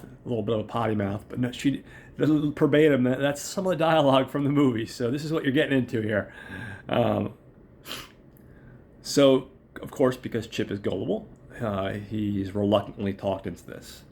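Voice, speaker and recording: A male host recapping a film in a loose, rambling way, swearing often and talking straight to his audience. His voice sits at an ordinary middle pitch, and his delivery is chatty and unpolished. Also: darkish tone. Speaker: podcast host.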